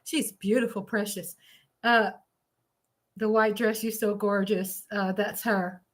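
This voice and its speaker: A woman's voice: medium pitch, flat delivery, takes it slowly. A woman hosting a casual live watch party, reading viewer comments aloud and laughing often. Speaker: livestream host.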